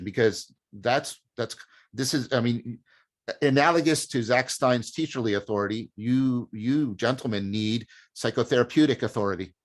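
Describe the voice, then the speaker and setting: A man hosting an academic discussion, thinking aloud and searching for his words as he poses a question. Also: medium pitch. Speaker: host.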